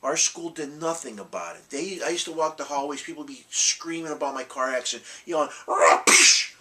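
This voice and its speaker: A man rambles through a casual collectibles vlog, blunt and full of restarts and mild curses. His voice is bright and forward. He sits a little away from the microphone. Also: medium pitch, distant mic, slight background noise, rough recording. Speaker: collectibles channel host.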